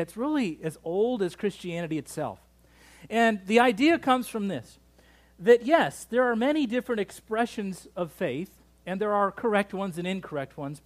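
A pastor preaching a sermon in a church, joking and drawing the congregation in. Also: male voice, high voice. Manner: lively, joking, engages the congregation.

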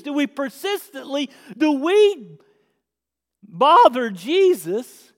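A man's voice: extremely high pitch, a little slow. A man preaching a sermon, asking rhetorical questions and acting out the lines of the people in his story. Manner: animated, acts out dialogue, rhetorical questions. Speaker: pastor. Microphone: filmed on camera. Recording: long hall reverb.

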